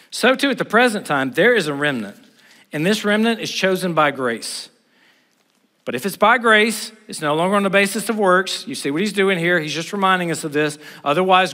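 A high-pitched, bright-voiced middle-aged man preaches with blunt, conversational emphasis. His voice rings out with a long reverb from a large hall. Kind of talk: sermon.

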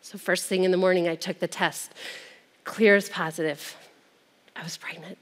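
A woman sharing a personal testimony with an audience. She tells it earnestly and drops softer at the heavy moments. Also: fairly low pitch, fairly even intonation, moderate pace, long reverb tail. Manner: earnest storytelling, dropping soft at heavy moments.

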